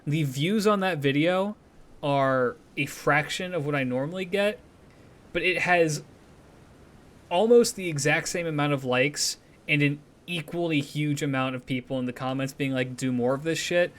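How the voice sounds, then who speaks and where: A man's voice: a little high, a bit bright. A man streamer talking casually and animatedly to his viewers, swearing freely as he rambles through opinions and sign-offs.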